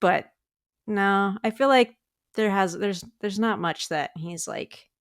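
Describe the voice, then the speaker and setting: Animated woman podcast co-host, dry sound. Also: medium pitch, takes it slowly, dry recording. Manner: animated, acts out quotes. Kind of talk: casual chat.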